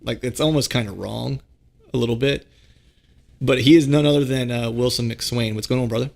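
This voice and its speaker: Laid-back gravelly male podcast host. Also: medium pitch, normal speed, darkish tone. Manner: easygoing, laughs often, restarts phrases. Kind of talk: casual podcast chat and read ads.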